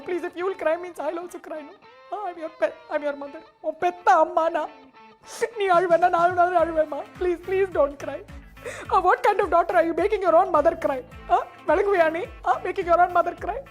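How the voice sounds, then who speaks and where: A woman's voice: extremely high pitch, very fast, soft background music. Woman doing a nagging mother. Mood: pleading. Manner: scolding, guilt-tripping, mixes Tamil and English. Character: nagging melodramatic middle-aged Tamil mother. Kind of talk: comic phone-call sketch.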